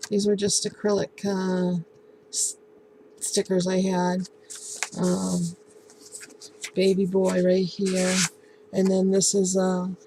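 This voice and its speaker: A woman casually showing and explaining a handmade album in a relaxed, halting way, with many ums and restarts. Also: mid-range voice, noisy background. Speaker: crafting vlogger. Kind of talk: casual show-and-tell craft tutorial.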